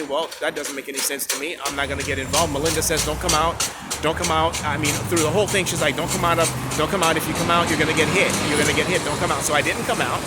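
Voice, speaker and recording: A man's voice: fairly high pitch, background noise. A man from Haiti giving a rambling, agitated personal account, full of restarts and repetition. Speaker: vlogger. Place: outdoors near a tent camp.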